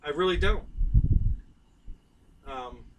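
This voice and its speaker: A man's voice: fairly high pitch, lively intonation, takes it slowly, recorded from a distance, background noise. A middle-aged man, hosting a casual live stream and rambling to his viewers by name.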